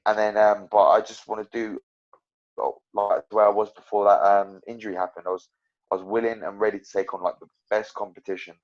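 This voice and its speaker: Low-voiced man, rambling on a muffled line. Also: brisk. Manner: rambling, full of fillers and restarts, animated storytelling. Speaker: professional MMA fighter, guest. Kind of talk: casual interview chat. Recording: dull lo-fi podcast audio.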